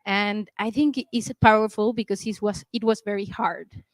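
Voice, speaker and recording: A woman's voice: mid-range voice, steady tone, moderate pace, no echo, rough recording. A woman interviewing an author, asking earnest questions while searching for her words. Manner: earnest, searching for words, non-native phrasing.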